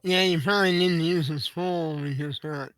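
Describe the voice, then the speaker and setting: A man at a tabletop game, chatty and quick with suggestions for the table. His voice is fairly high and sits close and dry. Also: a bit bright, clear, resonant tone, dry recording, soft background music. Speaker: player. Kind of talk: casual tabletop play.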